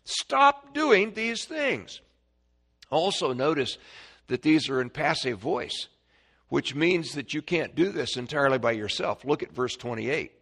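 A man's voice: mid-range voice, normal speed, gravelly, a bit bright, slightly rough. A middle-aged man preaching a sermon, emphatic, with frequent restarts and personal asides.

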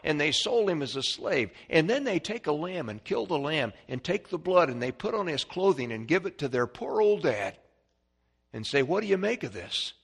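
Preacher guy going from quiet to yelling, kinda high voice. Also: sing-song, normal speed, slightly rough. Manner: emphatic, swinging from quiet to shouting. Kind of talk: sermon.

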